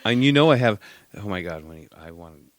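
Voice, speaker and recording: A man co-hosting a casual podcast chat, tossing in quick teasing remarks. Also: lowish voice, expressive, no room sound. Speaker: podcast co-host.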